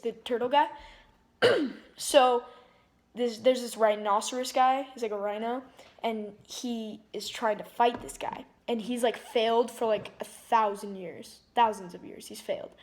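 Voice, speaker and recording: A woman's voice: fairly high pitch, unhurried. A woman casually retelling a film's plot in a rambling way, full of "like" and restarts. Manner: rambling, heavy use of "like", frequent restarts. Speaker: movie reviewer.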